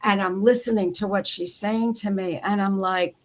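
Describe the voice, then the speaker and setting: A woman's voice: medium pitch, fairly even intonation, moderate pace. A woman who works as a memoir ghostwriter, telling a heartfelt client story in a casual interview. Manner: earnest, emotional storytelling with soft laughs. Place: home office on a video call.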